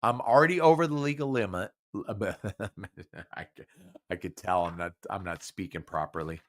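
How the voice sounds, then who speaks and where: A man's voice: deep voice, moderate pace, a bit bright. A drunk man hosting a podcast, slurring his speech, rambling and stumbling over repeated words. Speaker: podcast host. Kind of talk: casual live podcast talk.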